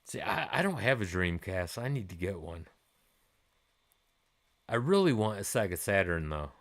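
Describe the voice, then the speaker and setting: A man's voice: deep voice, sing-song, moderate pace, fairly bright tone. A man in his forties hosting a gaming live stream, chatting with viewers in a rambling, laid-back way and swearing freely.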